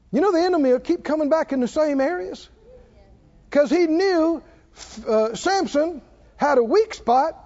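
High-voiced slow preacher in sermon. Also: male voice, a little mellow. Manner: rhetorical questions, calls for response. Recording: muffled lo-fi recording.

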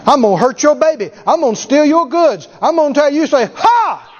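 A man preaching a sermon with emphatic delivery, acting out quoted voices and rising to shouts. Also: very high-pitched, lively intonation, fast talker. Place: large church hall. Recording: lo-fi hall recording with audience. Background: congregation.

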